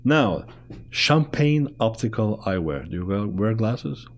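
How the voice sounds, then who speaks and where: A man hosting a talk show, speaking English with a foreign accent in a chatty, animated way that jumps between topics. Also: on the low side, a little slow. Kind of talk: casual interview chat.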